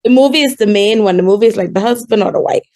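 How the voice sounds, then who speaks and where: A woman in her twenties from the Bahamas with a Bahamian accent, chatting casually as a call-in guest and telling quick stories with laughs. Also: medium pitch, darkish tone. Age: 20s. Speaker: guest calling in. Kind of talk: casual chat.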